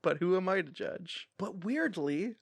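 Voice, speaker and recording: A man with a bright, high-pitched voice gives a casual, rambling book recap full of animated asides. He is recorded close to the mic with a dry sound and no room echo around him. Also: a little slow, creaky, slightly rough. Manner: chatty and animated, bursting into laughter. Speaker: book reviewer.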